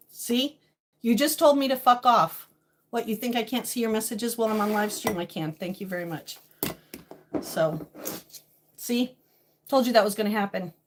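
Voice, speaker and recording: A woman with a fairly high voice streams from her home kitchen against a noisy background. Chatting casually, she calls out viewers by name and pours out her feelings emotionally.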